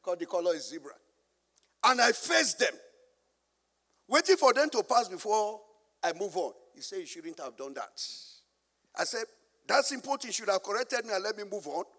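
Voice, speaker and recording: High-voiced Nigerian preacher in a hall. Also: male voice, big pitch swings, normal speed, long pauses, fairly bright tone. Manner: call-and-response preaching, asking the congregation to finish his lines; storytelling with humor. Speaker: pastor. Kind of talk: sermon.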